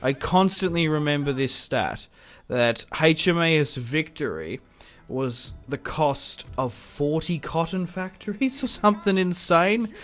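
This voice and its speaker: A young man giving casual commentary over a strategy game, chatty and quick to react loudly when things go wrong. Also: fairly high pitch, expressive. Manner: chatty, reacts loudly to setbacks, self-mocking laughs. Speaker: gaming YouTuber.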